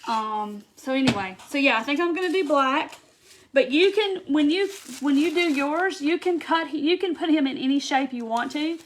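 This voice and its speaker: A woman with a notably high voice hosts a live craft tutorial. She chats loosely as she works, stopping often to greet viewers by name and answer their comments. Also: normal speed, a little hiss or hum. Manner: chatty, greets viewers by name while reading comments and working.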